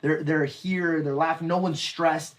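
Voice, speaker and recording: A man, a comedian guest on a podcast, telling stories in an animated way and putting on voices for the people in them. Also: on the high side, measured pace. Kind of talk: storytelling podcast chat.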